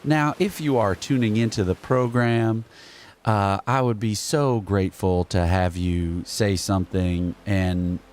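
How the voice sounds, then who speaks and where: A man's voice: fairly low pitch, a little slow, a little mellow, soft background music. A man hosting an improvised comedy live stream as a self-styled reverend, preaching earnest, over-the-top motivational talk and muttering when his chat breaks. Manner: chants a pledge and mutters at his broken chat. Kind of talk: improvised mock-sermon comedy.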